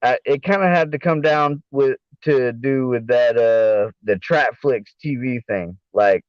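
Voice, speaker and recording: Man, casual stream chat, rambling, lots of cursing, even mid pitch, dull dry audio. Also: a little slow, dry recording. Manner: rambling, profane, full of fillers and restarts. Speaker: panel guest.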